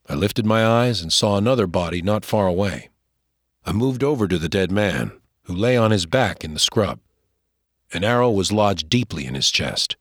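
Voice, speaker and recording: A man narrating a first-person frontier story, expressive and shifting voices for each character. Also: sits low, dry recording, clean studio sound. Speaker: audiobook narrator.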